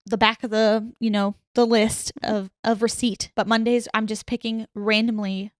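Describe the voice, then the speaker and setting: A woman's voice: on the high side, level tone, normal speed, dry recording, clean studio sound. A woman hosting a podcast, chatting casually and reading listener emails aloud, with frequent restarts. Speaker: podcast host.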